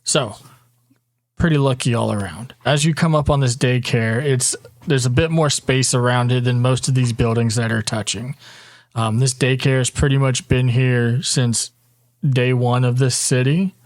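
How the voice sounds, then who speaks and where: A man working as dungeon master, narrating a tabletop game in a relaxed, meandering way with frequent ums. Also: mid-range voice, normal speed.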